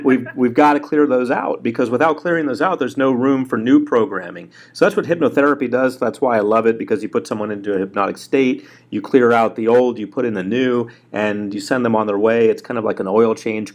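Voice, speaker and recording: A man being interviewed as a guest hypnotherapist, speaking in a relaxed, joking way and laughing easily. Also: medium pitch. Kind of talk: casual interview over the phone.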